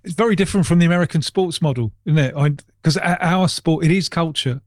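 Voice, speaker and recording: A male radio co-host with a slightly high voice works through an argument in a measured, analytical way. He often closes points with tag questions. The sound is dry and close. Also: no echo. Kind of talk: thoughtful studio discussion.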